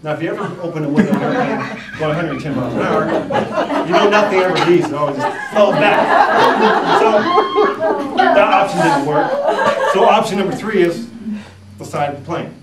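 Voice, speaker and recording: A middle-aged man giving a humorous talk before an audience, spinning animated, self-mocking stories. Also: sits high, moderate pace, reverberant, far from the mic, over a noisy crowd, heavy background noise. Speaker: speaker. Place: live event room with audience.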